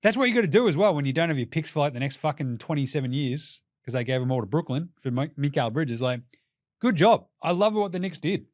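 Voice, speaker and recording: A man's voice: a little high, expressive, fast, few pauses, no room sound, studio quality. A man with an Australian accent hosting a casual basketball commentary show. He talks in a jokey, profane way and mocks teams in put-on voices. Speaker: basketball podcast host.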